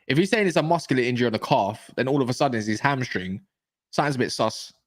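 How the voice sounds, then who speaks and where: A man's voice: mid-range voice, expressive, fast talker, dry recording, clean studio sound. A man co-hosting a casual football chat, blunt and opinionated with plenty of slang. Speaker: co-host.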